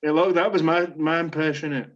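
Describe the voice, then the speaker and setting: A man's voice: fairly high pitch, steady tone, fairly quick, background noise. A man co-hosting a podcast, swearing and joking in casual banter. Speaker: podcast co-host. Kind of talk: casual chat. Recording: dull lo-fi sound.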